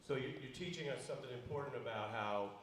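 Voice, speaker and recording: A man moderating a panel, gentle and supportive, with frequent restarts. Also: medium pitch, fast, a little hiss or hum. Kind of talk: panel discussion.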